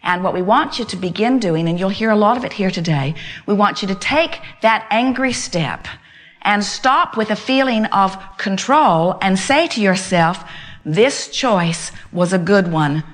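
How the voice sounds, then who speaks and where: A woman's voice: mid-range voice, lively intonation, normal speed. A woman giving a motivational talk to a live gathering. She speaks emphatically as "we", repeats her points and builds long step-by-step lists. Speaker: inspirational speaker.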